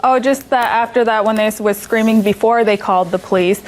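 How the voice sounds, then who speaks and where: A woman's voice: fairly high pitch, brisk, low-quality recording. Hesitant woman plaintiff. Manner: hesitant narrating with fillers. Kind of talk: testimony in court. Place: TV courtroom set.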